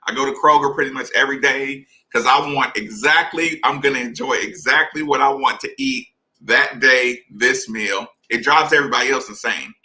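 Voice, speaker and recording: A man telling a long story in a casual, animated way, speaking straight to his listeners. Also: medium pitch, moderate pace, rough recording. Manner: animated, conversational, addresses listeners directly. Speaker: podcast host.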